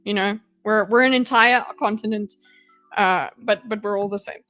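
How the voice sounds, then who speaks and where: A woman's voice: medium pitch, fairly even intonation, moderate pace, a bit bright, soft background music, poor audio. A woman hosting a livestream, giving rambling, sarcastic reaction commentary and chatting with viewers. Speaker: livestream host.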